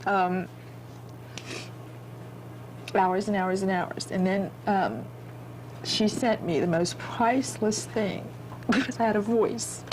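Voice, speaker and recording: A middle-aged woman speaks tenderly and at some length, her voice sitting at an ordinary middle pitch. She rambles a little as she goes, and her emotion stays close to the surface. A faint hiss of noise runs under the recording. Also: steady tone, slow, pauses often. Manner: tender, rambling, laughs through tears. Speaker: birth mother telling her story. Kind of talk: emotional personal testimony.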